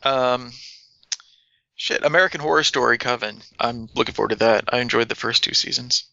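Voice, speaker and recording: A man co-hosting a podcast in casual, animated chat, swearing freely. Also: medium pitch, brisk, vocal fry, dry recording, dull audio. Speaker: podcast co-host.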